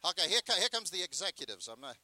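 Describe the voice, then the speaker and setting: An older man, a carnival talker and pitchman, on a festival stage with a handheld mic, switching between loud joking sales patter and chatty stories. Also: sing-song, fast talker, dry recording. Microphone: handheld microphone.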